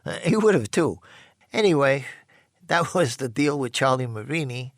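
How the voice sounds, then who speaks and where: An older man casually telling his own rough life story, blunt and profane, rambling with many restarts. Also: medium pitch, lively intonation, moderate pace, no echo, studio quality.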